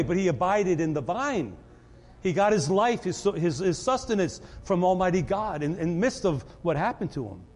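Man preaching, animated sermon, high-pitched voice, long church reverb. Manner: animated, repeats words when excited. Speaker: pastor.

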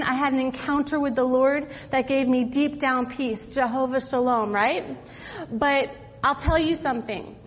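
A woman pastor giving a sermon, retelling the story in a conversational way with casual asides to the congregation. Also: sits high. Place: church sanctuary. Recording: dull audio with long reverb.

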